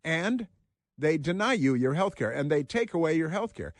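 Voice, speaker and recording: A man hosting a talk radio show, delivering combative, sarcastic commentary with frequent halting restarts. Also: on the high side, sing-song, no room sound.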